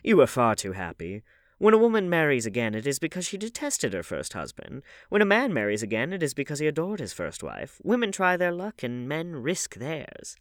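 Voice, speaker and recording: A man reading an audiobook, voicing a witty, cynical aristocratic gentleman with languid epigrams. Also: a little high, huge pitch swings, fairly quick, no echo, studio quality, voice pushed up. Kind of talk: audiobook character voice.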